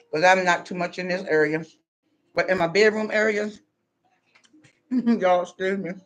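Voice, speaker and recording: This livestream host has a high, slightly bright voice. Tired and chatty, he talks loosely to viewers from home, eating as he goes, picked up by a computer mic.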